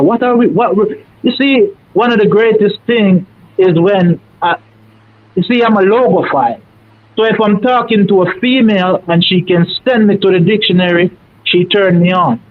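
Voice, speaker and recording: A man's voice: high voice, normal speed. A man with a Jamaican accent calling in, telling a rambling, emphatic story in a folksy way. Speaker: caller. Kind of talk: casual storytelling on a live call. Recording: tinny dry phone line.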